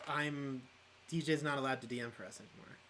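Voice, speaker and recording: A man's voice: medium pitch, noisy background. A man co-hosting a gaming podcast in casual chat, joking and laughing a lot. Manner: joking, quick to laugh, puts on silly voices. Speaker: podcast co-host.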